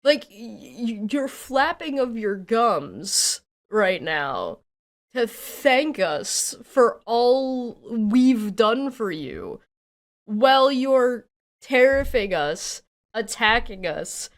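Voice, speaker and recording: A woman from Canada reacts to clips on a stream with blunt, sarcastic commentary. She talks at an unhurried pace in a slightly high voice, and her swearing grows into angry shouts. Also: sing-song.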